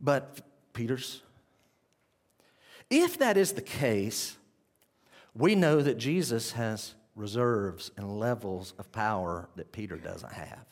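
A man preaching a sermon, talking straight to the congregation and swinging between loud emphasis and quiet intensity. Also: on the low side, expressive, slow pace, long pauses. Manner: conversational, addresses the congregation directly.

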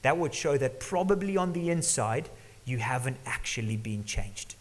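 A middle-aged male pastor preaching an earnest sermon, sometimes dropping to a hush for emphasis. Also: medium pitch, expressive, normal speed. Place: church hall. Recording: long church reverb.

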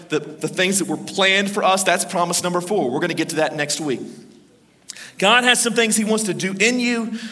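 A man preaching a sermon as pastor, emphatic and storytelling, with dramatic pauses and acted quotes. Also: sits high, bright, forceful tone. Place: church. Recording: reverberant church hall.

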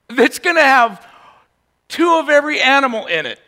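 A man preaching a sermon in an animated way, full of mocking rhetorical questions and frequent laughter. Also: very high-pitched, moderate pace.

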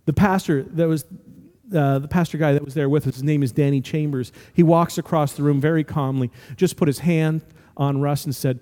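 A man's voice: a little high, fairly even intonation, a little fast, mellow, long reverb tail. A man in his forties preaching a sermon, telling a story and building to emphatic, rising exhortations. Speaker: pastor.

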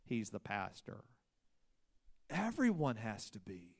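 A pastor preaching a sermon, swinging between loud emphasis and hushed asides. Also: male voice, fairly low pitch, huge pitch swings, takes it slowly, breathy edge.

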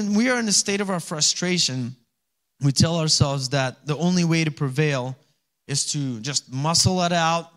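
A man's voice: on the high side, fairly bright tone. Conversational man preaching a sermon. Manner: conversational, asks the congregation for responses. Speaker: pastor.

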